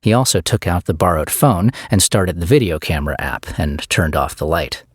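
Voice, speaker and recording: A man narrating an audiobook in a scripted, expressive storytelling style. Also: deep voice, moderate pace, slightly rough, no room sound, studio quality.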